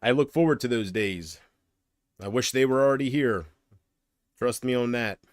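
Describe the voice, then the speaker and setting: A man's voice: mid-range voice, normal speed, dry recording, studio quality. Rambling, griping man on a stream. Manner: rambling, griping, trailing off mid-sentence; swings from loud complaints to muttered asides. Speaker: livestreamer. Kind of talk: casual livestream chat.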